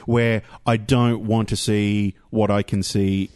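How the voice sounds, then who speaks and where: A man's voice: on the low side, level tone, slow pace, a little mellow, no room sound. Aussie guy on a podcast, jokey, stumbles on words, dry close sound. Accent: Australian. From Australia. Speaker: podcast co-host. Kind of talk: casual chat.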